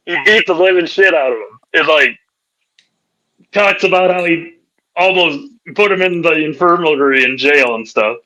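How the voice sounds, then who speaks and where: A middle-aged man in casual chat, retelling a comedy skit and jumping into high voices for the characters. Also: normal speed, rough recording. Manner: animated storyteller, jumps high for quoted voices. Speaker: podcast host.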